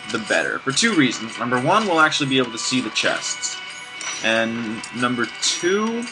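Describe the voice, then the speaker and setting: A man's voice: mid-range voice, rough recording. A man casually commenting on a video game he plays, rambling off-topic with restarts and sarcastic asides. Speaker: let's play gamer. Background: game music.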